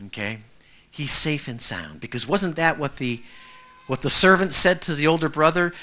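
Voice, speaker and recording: A man's voice: mid-range voice, sing-song, moderate pace, pushed and bright. A male pastor preaching a conversational sermon who keeps checking in with the congregation.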